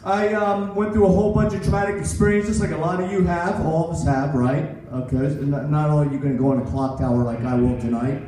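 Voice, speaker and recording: A man's voice: a little high, steady tone, a little fast, hardly any pauses, warm tone, slight background noise. A man in his sixties doing a rambling, self-mocking stand-up set at a comedy club. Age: 60s. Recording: echoey club recorded from far off.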